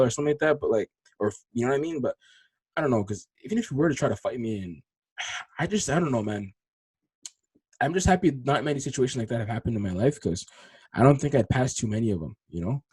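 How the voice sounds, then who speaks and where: A young man in his twenties hosting a solo podcast, telling a rambling story in casual slang, dropping to low mutters and then rising to loud, animated outbursts. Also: fast, husky, no echo. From Congolese heritage. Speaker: podcast host.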